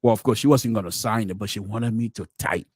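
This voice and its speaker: A middle-aged man, hosting a podcast and telling a personal story with many restarts, swinging between loud exclamations and low murmurs. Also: quick pace, breathy edge, no echo, studio quality. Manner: frequent restarts and repeated words. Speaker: podcast host. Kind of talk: storytelling commentary.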